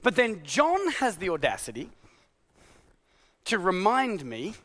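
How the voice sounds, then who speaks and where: A male pastor preaching a sermon in an animated, confessional way, swinging from shouted exasperation to hushed tones. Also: high-pitched, slow, long pauses.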